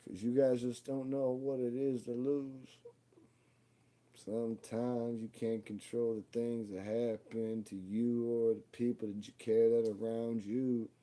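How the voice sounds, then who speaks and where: A man's voice: mid-range voice, level tone, measured pace, warm tone. A man in his twenties telling a personal story as spoken word, with a raw, intense and profane delivery. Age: 20s.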